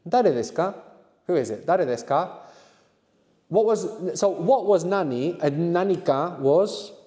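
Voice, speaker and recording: In a large hall, a man with a slightly high, dark-toned voice teaches a language lesson at a measured pace with animated delivery. He prompts the student with questions and often tacks "no?" onto the end of his points.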